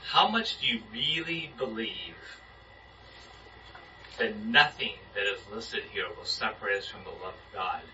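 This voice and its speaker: A man's voice: on the low side, lively intonation, a little slow, sharp tone, a little hiss or hum. A man leading an informal sermon discussion with a small group, talking casually and putting questions to them. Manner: conversational, asks the group questions. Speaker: Bible study leader. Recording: muffled distant room recording.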